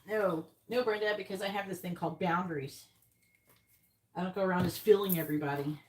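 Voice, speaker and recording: A woman's voice: fairly low pitch, fairly even intonation, brisk, a little mellow, a little hiss or hum. A woman hosting a live tarot stream, chatting casually and bluntly with viewers and swearing freely. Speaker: tarot reader host.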